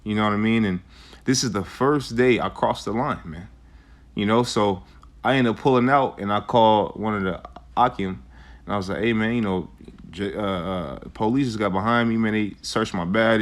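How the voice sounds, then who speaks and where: A young man telling a rambling, profane personal story in a casual way, with lots of fillers. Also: fairly low pitch. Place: Arizona.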